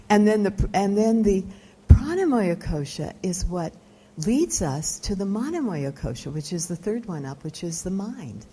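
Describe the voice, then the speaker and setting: A woman's voice: mid-range voice, dark tone, slightly rough. A woman yoga teacher giving a live lecture, explaining terms and putting questions to her audience. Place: retreat lecture room.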